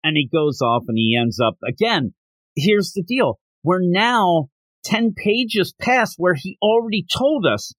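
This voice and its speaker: Man, fairly high voice, very lively pitch, casual podcast chat, acts out lines, dry close mic. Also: dry recording. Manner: animated, acts out characters' lines in quick little voices. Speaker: podcast co-host reviewing manga. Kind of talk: casual chat, recapping the plot.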